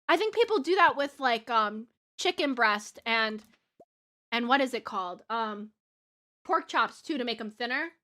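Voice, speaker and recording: On the high side and pushed bright, a young woman's voice carries her casual chat with viewers as she streams a farming game. She giggles a lot and talks while eating, with faint game music playing.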